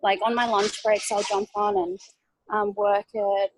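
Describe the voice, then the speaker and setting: A woman's voice: mid-range voice, lively intonation, unhurried, slight background noise, rough recording. A young woman giving a nervous testimonial over a video call, hesitant and full of ums and likes. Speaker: guest speaker.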